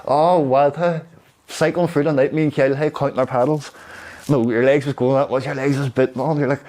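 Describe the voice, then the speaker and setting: A man from Derry with a Derry accent, telling stories in a rambling, halting way. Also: medium pitch, steady tone, warm tone. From Derry, Northern Ireland. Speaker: interviewee. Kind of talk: casual storytelling.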